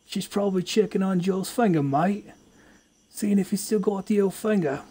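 A man's voice: high voice, moderate pace, mellow, breathy edge, pitched above the performer's own voice. A man doing a hammy mock Australian accent as a cheerful bloke who keeps saying mate. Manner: hammy, joking impression. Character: exaggerated Aussie bloke, cheerful, says mate a lot.

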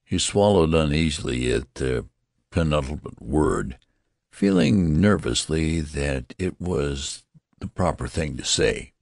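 A man reading an audiobook aloud in a slow, measured way, giving the dialogue lively voices. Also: very deep voice, gravelly, dry recording. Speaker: audiobook narrator. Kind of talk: scripted audiobook narration.

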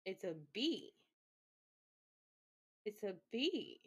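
Slow-talking woman streamer, rambling. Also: medium pitch, lively intonation, fairly bright tone, husky. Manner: rambling self-talk with frequent swearing and fillers. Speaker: live streamer. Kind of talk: casual live-stream chat.

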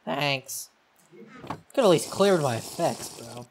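A man's voice: fairly high pitch, lively intonation, slow, slight background noise. A young man playing a horror game and giving rambling, self-mocking casual commentary into a desk mic. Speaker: gaming YouTuber.

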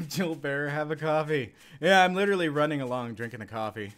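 A man's voice: fairly high pitch, brisk. A young Canadian man streaming a survival game live, chatting casually and yelping and laughing when things go wrong. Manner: excitable, yelps and laughs in panic. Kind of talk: live gameplay commentary.

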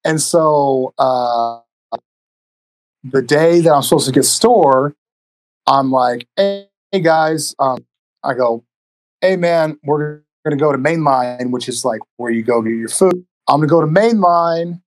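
A man spins casual stories as a podcast guest, rambling and swearing easily. His voice sits at an ordinary pitch and is recorded dry and close on a cheap microphone. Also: unhurried, dry recording, rough recording. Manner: profane, rambling, laid-back delivery. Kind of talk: casual storytelling. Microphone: cheap USB microphone.

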